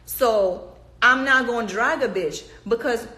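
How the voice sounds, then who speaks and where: A woman vents to camera, blunt, emphatic and full of profanity. Her voice is bright and forceful, and it rings around an echoey room. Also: on the high side, a little slow. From Panama. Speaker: reality TV cast member. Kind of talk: casual profane rant to camera.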